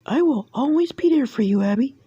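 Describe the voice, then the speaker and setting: A woman performs a cheerful young male cartoon cat inventor with a very high, bouncy voice that swoops up and down. He talks in an unhurried, excitable way, always cheering his friends on. The sound is dry and close, with a mellow tone. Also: slightly rough, no room sound, lo-fi sound, full character voice. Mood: upbeat. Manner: upbeat, encouraging, excitable. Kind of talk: fan voice clips of a cartoon character.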